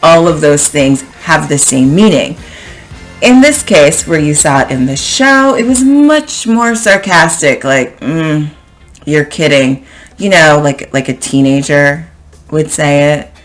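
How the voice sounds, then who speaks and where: Brief: female English teacher, unhurried delivery, playful explainer for an online lesson. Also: sits low, animated, faint music behind. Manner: chatty, playful, acts out example phrases. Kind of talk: casual online vocabulary lesson.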